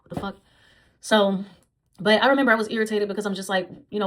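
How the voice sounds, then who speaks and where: Fast-talking woman venting a storytime. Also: mid-range voice, steady tone, fairly bright tone. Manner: blunt, profane, venting. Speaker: dog groomer. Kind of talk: storytime vlog.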